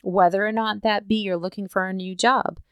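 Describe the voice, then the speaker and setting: A woman's voice: mid-range voice, steady tone, moderate pace, smooth, dry recording. A woman hosting a talk show, speaking casually and emphatically, often checking in with the listener. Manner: emphatic, conversational, keeps asking "right?". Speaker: podcast host.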